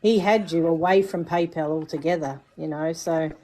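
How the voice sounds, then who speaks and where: A woman's voice: low-pitched, steady tone, normal speed, dark tone. A woman, a guest on a livestream, giving emphatic advice in casual chat. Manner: emphatic, advising. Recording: noisy background.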